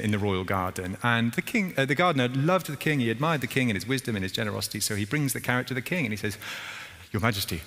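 A man's voice: medium pitch, sharp tone, big-room sound. A male pastor preaching a sermon in church, conversational with rhythmic, repeating phrases.

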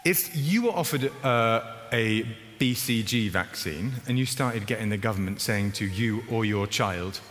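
Low-voiced pastor preaching in a hall. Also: male voice, measured pace, few pauses, slight background noise. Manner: conversational preaching, lively emphasis and self-deprecating asides. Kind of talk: sermon. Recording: reverberant hall with faint ambience.

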